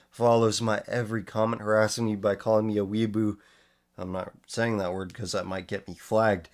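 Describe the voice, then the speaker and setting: A man's voice: lowish voice, fairly even intonation, unhurried. A man hosting a casual commentary show, reading posts aloud and mocking them with sarcastic, profane remarks; he is losing his voice. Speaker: host.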